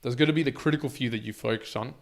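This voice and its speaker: Male podcast co-host, quick delivery, emphatic, mid-range voice. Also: mid-range voice, vocal fry. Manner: emphatic, restarts words, lectures with examples. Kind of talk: casual podcast chat.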